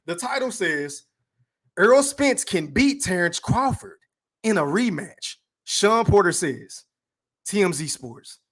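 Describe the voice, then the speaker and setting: Man, podcast host, profane rant, high voice, big swings in pitch, aave. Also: slow. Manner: profane, animated, hypes donations with shout-outs.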